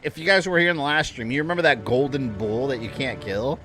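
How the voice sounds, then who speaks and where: A man's voice: medium pitch, quick pace, pushed and bright, soft background music. A man chatting casually at his home desk while livestreaming a game, rambling and joking at his own expense. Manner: chatty, rambling, self-deprecating. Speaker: game streamer.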